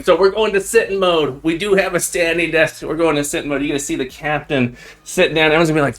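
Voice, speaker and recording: Upbeat male streamer, slightly high voice. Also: fast, hardly any pauses, faint music behind. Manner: upbeat, repeats phrases, greets viewers warmly. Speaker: live-stream host and teacher. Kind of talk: casual live-stream chat with viewers. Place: room at home, indoors.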